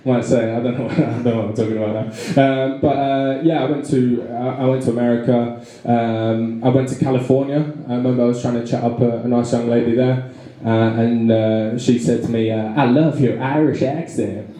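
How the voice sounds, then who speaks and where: A young English man doing live stand-up comedy in a pub venue, with a halting, rambling delivery full of fillers and restarts. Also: mid-range voice, flat delivery, mellow. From England. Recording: very echoey live room.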